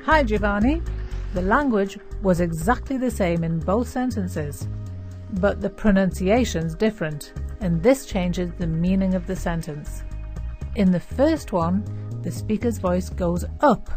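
A woman, the grammar expert, explaining intonation in a clear, measured way. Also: medium pitch, lively intonation, darkish tone, faint music behind.

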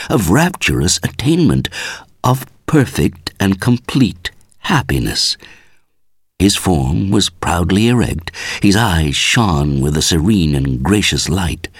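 A man reading a story aloud as scripted narration, measured and expressive. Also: low-pitched, husky, no echo, studio quality. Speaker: audiobook reader.

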